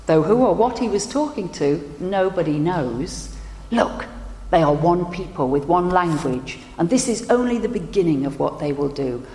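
A woman minister giving a sermon and leading a prayer, telling stories in a measured, gentle way. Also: lowish voice. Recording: echoey hall with long reverb.

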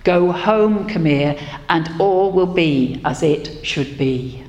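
A woman voicing God in a slow, solemn, wise voice, in an echoey hall. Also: on the low side, animated, a little mellow, lo-fi sound. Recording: echoey hall, faint noise.

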